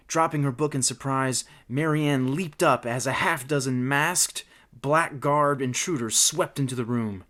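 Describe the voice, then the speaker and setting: A man's voice: mid-range voice, a bit bright. A man narrating a comic audiobook in a mock-earnest, wry manner.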